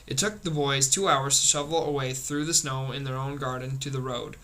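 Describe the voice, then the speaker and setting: A man reading a novel aloud in a steady voice, with occasional slips and restarts. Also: medium pitch, normal speed, low-quality recording. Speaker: audiobook reader.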